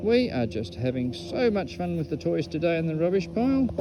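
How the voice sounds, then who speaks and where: An excitable Australian man chats through his metal detecting finds in a casual vlog, tossing out slang as he goes. His voice sits a touch high and swings up and down with lively energy. Faint outdoor noise hangs behind him. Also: brisk. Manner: excitable, full of Aussie slang. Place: outdoors at an old rubbish dump.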